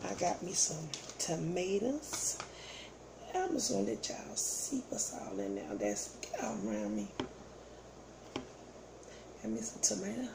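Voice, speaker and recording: A woman's voice: medium pitch, creaky, noisy background. A woman chatting casually with her viewers while eating on camera, playful and savoring each bite. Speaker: mukbang vlogger. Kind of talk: casual eating vlog chat.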